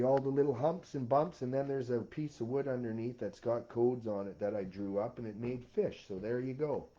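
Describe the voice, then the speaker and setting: A man's voice: mid-range voice, mellow, dull audio. A man delivering a rambling, intense monologue as the host of his own video series.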